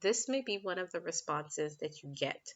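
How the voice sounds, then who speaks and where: A woman's voice: on the low side, lively intonation, moderate pace, highs cut off. A woman vlogging as a relationship coach at home, talking frankly and chattily, laughing often. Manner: chatty, frank, laughs often, breaks off to talk to her kids. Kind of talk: casual talking-head vlog.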